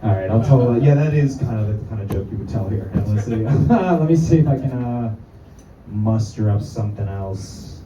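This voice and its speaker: A man's voice: fairly low pitch, normal speed, background noise. A man doing a stand-up set, crude and self-mocking, full of rambling asides. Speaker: stand-up comedian. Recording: echoey room, far from the mic, dull.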